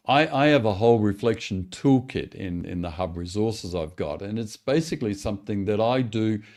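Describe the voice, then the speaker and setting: A man's voice: on the low side, expressive, normal speed, darkish tone. A man coaching pastors in a webinar, talking in an encouraging, conversational way. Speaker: church growth coach. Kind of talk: teaching webinar talk.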